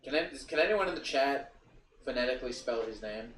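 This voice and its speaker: A man's voice: mid-range voice, animated, brisk, fairly bright tone. A man chatting casually as a streamer, rambling, repeating himself and swearing now and then. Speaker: streamer and podcast guest. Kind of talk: casual chat. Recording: echoey room from far off, faint noise.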